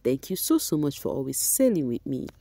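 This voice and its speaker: A woman's voice: a bass voice, big pitch swings, a little fast, vocal fry, mellow, dry recording. A woman, chatting casually as she reads viewer comments aloud and weighs in on them. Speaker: vlogger reading fan comments.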